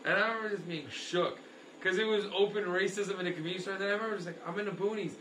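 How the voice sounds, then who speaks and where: A middle-aged man from Canada, a comedian hosting a casual podcast, telling loud swearing stories with put-on voices. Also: high voice, rapid-fire, echoey room, slight background noise.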